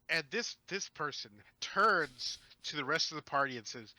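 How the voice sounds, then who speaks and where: A man telling a story from his tabletop game as a podcast guest, animated and rambling with restarts. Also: fairly high pitch, moderate pace, hardly any pauses, no echo. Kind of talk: casual storytelling chat.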